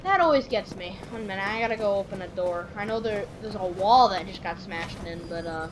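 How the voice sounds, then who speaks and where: A woman's voice: medium pitch, animated, a little fast, hardly any pauses, background noise. A woman from Michigan hosting a casual let's-play, rambling and joking as she plays. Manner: rambling, joking, laughs often. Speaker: gaming channel host.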